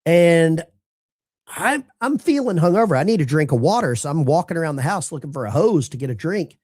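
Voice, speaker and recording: A man's voice: fairly high pitch, big pitch swings, a little fast, a little mellow. A man from Alabama, hosting a call-in show and telling a rambling, folksy story. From Alabama, USA. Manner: rambling, folksy, with self-interruptions. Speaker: talk show host.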